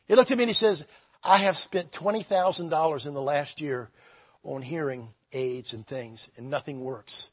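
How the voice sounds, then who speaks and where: A man preaching a revival sermon as pastor, shouting with fervor and repeating phrases. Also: fairly high pitch, moderate pace, slightly rough, no echo, dull audio.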